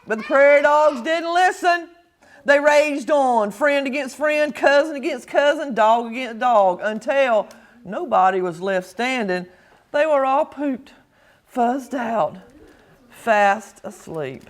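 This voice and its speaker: A woman reads a picture book aloud at a library story time. Her high voice swings widely, and she takes her time over each line. She plays with every phrase and gets the children to call back. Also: slow. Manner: expressive and playful, leading call-and-response.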